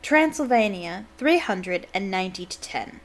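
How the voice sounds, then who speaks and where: A woman's voice: medium pitch, lively intonation, normal speed, lightly acted. A woman doing a blunt, gloomy sports fan. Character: gloomy sporty young man.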